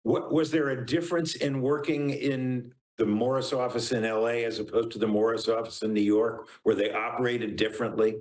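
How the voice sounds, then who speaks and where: An older man hosting an interview, asking his questions in a rambling, halting way. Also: mid-range voice, steady tone, darkish tone, echoey room, low-quality recording. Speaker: interview host. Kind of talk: conversational interview.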